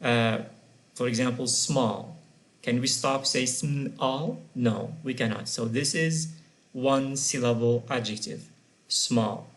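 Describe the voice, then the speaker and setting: A man's voice: medium pitch, slow pace. A man teaching an English grammar lesson, patiently repeating and spelling out example words.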